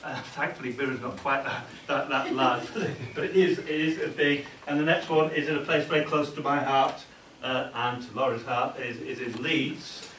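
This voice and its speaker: A man presenting a seminar to an academic audience, talking informally and haltingly, often repeating words mid-sentence. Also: medium pitch, steady tone, fairly bright tone. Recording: echoey room, distant mic, faint hiss.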